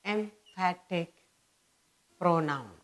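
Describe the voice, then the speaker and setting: Slow, repetitive woman grammar teacher. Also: fairly low pitch. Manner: repeats words and phrases slowly for emphasis.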